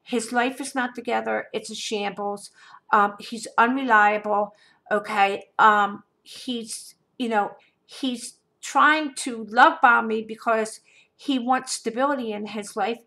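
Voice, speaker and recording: A woman's voice: fairly high pitch, fairly even intonation, slow, creaky, bright, forceful tone. A woman vlogger telling a personal story in an emphatic, indignant way, often checking in with "okay?". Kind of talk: casual storytelling to camera.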